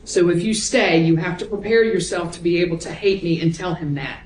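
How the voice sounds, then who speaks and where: Woman prosecutor, low voice, reading evidence aloud, roomy echoey courtroom, faint hum. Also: brisk, a little mellow.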